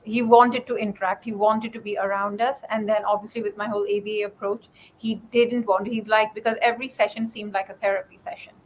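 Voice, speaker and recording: A woman's voice: medium pitch, little pitch movement, fast, hardly any pauses, low-quality recording. Woman, video call, earnest and reflective, faint background hiss. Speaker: parent sharing experience. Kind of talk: conversational sharing.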